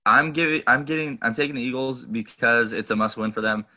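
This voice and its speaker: A man's voice: mid-range voice, a little fast, bright, forceful tone. A young man co-hosting a sports podcast, giving his picks in a casual, hesitant way with many restarts. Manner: hesitant, restarts, offhand opinions. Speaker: podcast co-host.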